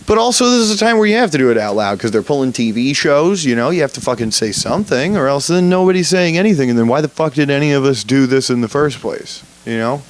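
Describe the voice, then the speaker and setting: Animated, profane young man ranting. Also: medium pitch, fast talker, hardly any pauses, a little hiss or hum. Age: young adult. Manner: profane, rambling, animated, laughs often. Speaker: podcast host. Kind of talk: casual solo podcast rant.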